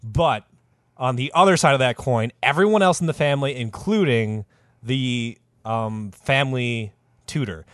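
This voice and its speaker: A man hosting a casual podcast, telling a historical story with animated delivery and plenty of cursing. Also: medium pitch, normal speed, dry recording, studio quality. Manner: animated, lively delivery with sudden voice put-ons.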